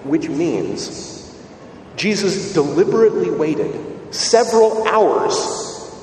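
Animated male priest in echoey church. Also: fairly high pitch, takes it slowly, distant mic, a little hiss or hum. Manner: expressive storytelling, rhetorical questions. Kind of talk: sermon.

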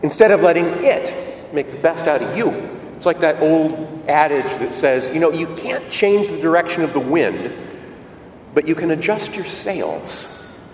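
A man preaching a sermon, telling a story in a lively way and asking his listeners questions. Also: on the high side, unhurried, a little hiss or hum. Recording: echoey hall, mic at a distance, faint ambience.

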